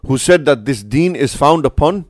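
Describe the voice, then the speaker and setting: A man taking part as a guest scholar in a casual religious discussion, asking pointed questions and cutting in quickly. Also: medium pitch, animated. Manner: quizzing, quick interjections.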